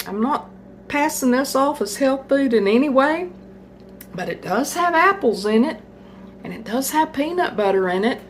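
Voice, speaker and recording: Middle-aged home-cook vlogger, folksy and chatty, unhurried delivery, faint noise behind. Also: female voice, on the high side. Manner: chatty, folksy, tasting food on camera. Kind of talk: casual cooking vlog.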